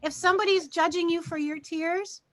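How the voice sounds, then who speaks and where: A woman's voice: very high voice, fairly even intonation, normal speed, dry recording. A middle-aged woman co-hosting a casual talk show, speaking emphatically and bluntly with short repeated questions. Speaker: co-host. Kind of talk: casual discussion and personal story.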